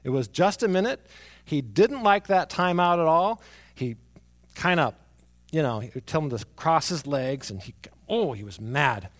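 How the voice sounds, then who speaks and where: A man preaching a sermon, moving from hushed, near-whispered lines to emphatic ones as he tells stories about his young son. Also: on the high side, animated, normal speed. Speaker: pastor.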